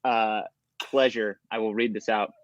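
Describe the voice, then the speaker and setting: A man co-hosting a casual livestream chat, animated and jokey. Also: lowish voice, measured pace, muffled recording, slight background noise. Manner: animated, jokey, reads menus aloud. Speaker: co-host.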